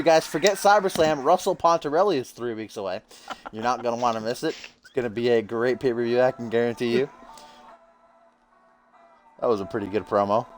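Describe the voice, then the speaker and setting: A man's voice: mid-range voice, poor audio. A young man hosting and commentating a wrestling video game in a casual, joking, profane style like a hype announcer. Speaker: host and play-by-play commentator.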